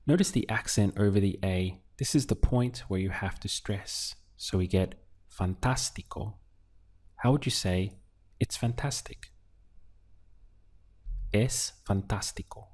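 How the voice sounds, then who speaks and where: A man teaching useful phrases in a slow, clear lesson, giving prompts and then the model answers. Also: fairly low pitch, a little mellow. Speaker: language teacher. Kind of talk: audio language lesson.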